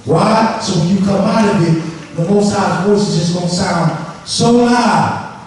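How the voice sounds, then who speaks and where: Preacher, male, high-pitched, lively call-and-response delivery, distant mic in a big reverberant hall. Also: measured pace, a little hiss or hum. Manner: call-and-response preaching, acts out voices for laughs. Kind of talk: sermon. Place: large worship hall. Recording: echoey hall from far off.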